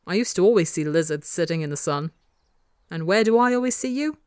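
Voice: medium pitch, expressive, brisk, smooth, dry recording, studio quality, close to an everyday voice. A reader doing a teasing, dramatic young boy. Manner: teasing, sing-song, dramatic.

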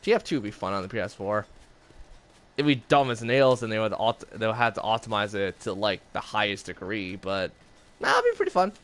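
A man's voice: lowish voice, a little fast. A man chatting casually in a rambling way while streaming gameplay. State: has the hiccups. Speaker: gaming streamer.

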